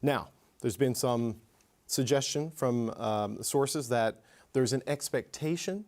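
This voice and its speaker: A man's voice: medium pitch, slow pace, darkish tone. A man, a TV political host, giving live news analysis in a thoughtful way, with frequent restarts and fillers.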